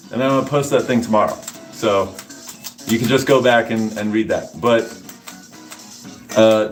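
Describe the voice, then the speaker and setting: A man casually explaining nutrition to his livestream chat between workout sets, rambling and joking with viewers. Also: medium pitch. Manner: rambling, answers chat, jokey asides. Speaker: fitness streamer.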